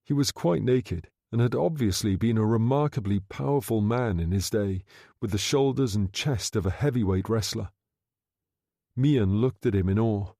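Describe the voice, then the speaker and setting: With a lowish voice, a man gives a steady, measured audiobook narration, recorded dry at studio quality.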